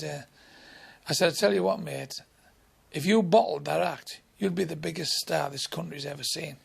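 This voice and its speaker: Gravelly Northern English man telling a bawdy story. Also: on the high side. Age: 60s. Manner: bawdy, swearing, acts out the others' lines. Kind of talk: anecdotal storytelling.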